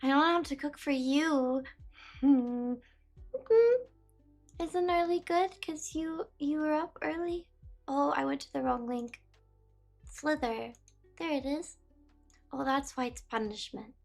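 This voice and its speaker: A woman with a high voice chats casually with her viewers, reading their messages aloud and often losing her train of thought. Soft music plays faintly behind her in a warm indoor room. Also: takes it slowly, vocal fry, long pauses. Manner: chatty, reads chat aloud, easily distracted. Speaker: livestreamer.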